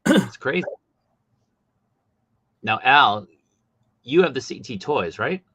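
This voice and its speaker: A man hosting a casual livestream chat about collectible figures, talking animatedly, his voice jumping high when he gets exasperated. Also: expressive, slow, bright, forceful tone, slightly rough, no echo. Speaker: host.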